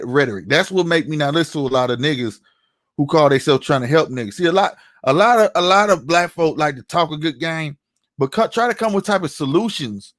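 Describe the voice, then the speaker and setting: A man's voice: a little high, a bit bright, no echo, clean studio sound. A man giving a heated commentary rant, angry and profane, often tossing in "you know what I'm saying". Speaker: online commentator.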